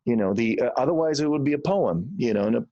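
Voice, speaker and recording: A man's voice: medium pitch, lively intonation, quick pace, mellow, no room sound, dull audio. A man in his sixties from Germany with a mild German accent, a guest musician telling stories in an earnest, reflective way in a conversational interview. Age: 60s.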